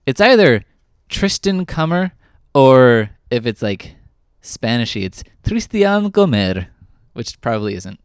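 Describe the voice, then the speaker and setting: A man's voice: mid-range voice, sing-song, unhurried, clean tone, no room sound, clean studio sound. A man co-hosting a podcast in casual chat, rambling and enthusiastic, a little self-deprecating. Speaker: podcast co-host.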